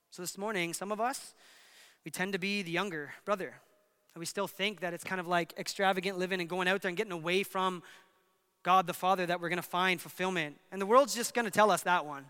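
A man preaching a sermon as pastor, emphatic, swinging between loud passages and hushed ones. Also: high-pitched, smooth, long reverb tail.

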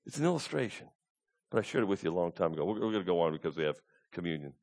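A man's voice: low voice, big pitch swings, rapid-fire, darkish tone. A man preaching a sermon as pastor, emphatic, repeating his key points and asking the congregation to call out answers.

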